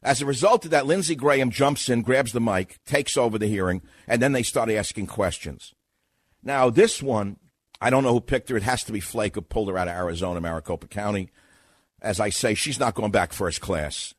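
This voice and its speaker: A man's voice: on the low side, brisk, dry recording. An older man hosts a talk radio show and rolls through a sarcastic, mocking monologue. He acts out a mock questioning. His voice sits dry and close on the studio mic.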